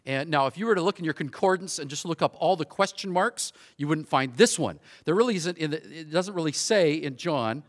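A man's voice: fairly high pitch, lively intonation, fairly quick, few pauses. A middle-aged man preaching as a guest speaker, talking in a loose, conversational way with frequent restarts and fillers. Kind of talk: sermon.

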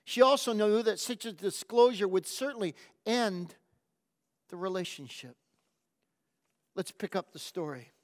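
A man preaching a sermon, telling a story in a slow, gentle, reflective way. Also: sits high. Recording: long hall reverb.

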